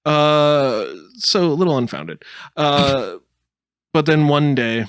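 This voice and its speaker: A man's voice: a little high, slow pace, clear, resonant tone, no room sound, clean studio sound. A man co-hosting a podcast, telling a made-up story in casual chat with lots of laughs. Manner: animated storytelling with laughs and silly put-on voices. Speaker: podcast co-host.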